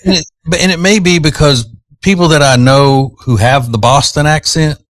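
A man's voice: fairly high pitch, steady tone, normal speed, a bit bright, dry recording. A man, hosting a morning radio show and chatting in a teasing, opinionated, rambling way. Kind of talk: casual morning-show chat. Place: radio studio. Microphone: studio microphone.

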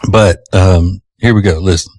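Male radio host, low voice, folksy storyteller, dry studio sound. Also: steady tone, moderate pace, darkish tone, no echo. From Louisiana. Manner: folksy storyteller, laughs easily. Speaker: radio morning show host. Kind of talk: casual radio banter. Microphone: studio microphone.

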